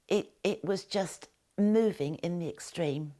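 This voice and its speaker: Low-voiced older woman, hesitant recollection. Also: unhurried, hardly any pauses, dark tone. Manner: hesitant, many ums and restarts. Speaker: former war nurse recalling service. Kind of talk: spoken recollection to camera.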